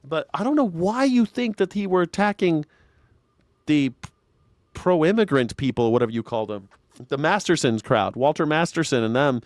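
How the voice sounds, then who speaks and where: A man hosts a live news reaction stream in casual political commentary, sarcastic and rambling, often stumbling and restarting. His voice sits a little high for a man and sounds close and dry. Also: lively intonation, normal speed, no echo.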